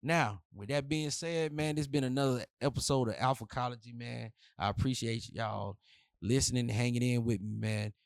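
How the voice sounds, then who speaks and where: A man's voice: mid-range voice, normal speed, creaky, no room sound. Blunt slangy man giving dating advice. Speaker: relationship advice host. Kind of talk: casual advice monologue.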